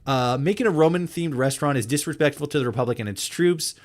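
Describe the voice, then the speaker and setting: A man's voice: on the high side, fast. A young man casually commenting while playing a game, swearing freely, laughing often and thinking aloud.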